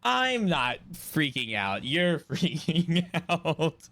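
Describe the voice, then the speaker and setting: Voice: medium pitch, very animated, drawn-out words, fairly bright tone. A co-commentator on a live game stream, laughing often and teasing the player. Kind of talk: casual live-stream banter.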